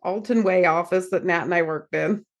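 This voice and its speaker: A woman's voice: lowish voice, moderate pace. A woman therapist and podcast host, telling a story in casual chat and acting out the quotes as she goes. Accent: American. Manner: animated storyteller, acts out quotes.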